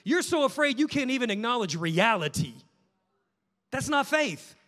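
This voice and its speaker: A man with a notably high voice preaches a passionate sermon, rising to loud urging and dropping to hushed, prayerful tones. His voice rings out with a long reverb, as in a large hall. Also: sing-song, a little slow. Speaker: pastor.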